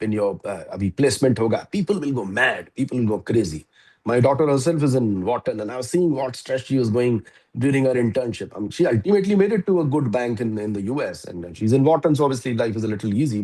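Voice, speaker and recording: A man in his fifties with an Indian English accent, giving a lively, chuckling motivational talk to students. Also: medium pitch, rough recording. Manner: animated, chuckling storyteller. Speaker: guest speaker.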